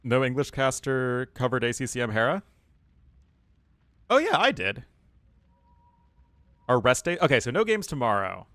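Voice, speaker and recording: A man's voice: mid-range voice, sing-song, moderate pace, long pauses, a bit bright, dry recording. A man with a General American accent casting a live strategy game, chatty and casual and laughing often. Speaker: caster. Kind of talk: live game commentary reading chat.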